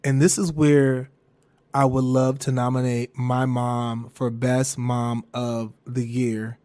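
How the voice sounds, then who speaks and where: A young man hosting a podcast and telling a personal story in casual chat, swearing freely, laughing as he goes and jumping into a high falsetto when he quotes himself. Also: little pitch movement, slow, a little mellow. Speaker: podcast host.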